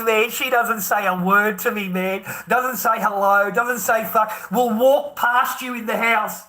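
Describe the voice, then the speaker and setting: High, bright-voiced Australian man ranting. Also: a little slow. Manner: profane, heated, scornful, laughs bitterly. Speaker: vlogger. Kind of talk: angry ranting monologue.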